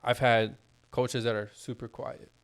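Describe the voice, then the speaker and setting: A man's voice: mid-range voice, flat delivery, measured pace, smooth. A young man co-hosting a casual podcast, talking bluntly and animatedly with lots of swearing. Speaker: podcast co-host.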